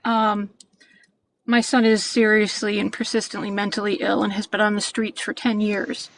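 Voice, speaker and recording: A woman in her sixties calling in to a show, speaking earnestly and haltingly, with frequent restarts. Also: on the high side, a little mellow, slight background noise, low-quality recording. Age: 60s. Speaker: caller. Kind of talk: call-in chat.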